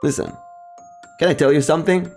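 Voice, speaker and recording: A man's voice: a little high, steady tone, fairly quick, a little mellow, soft background music, natural voice. A man voicing a cowardly, boastful young male adventurer who whines and panics. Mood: panicky. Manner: whiny, panicky, self-referring in third person.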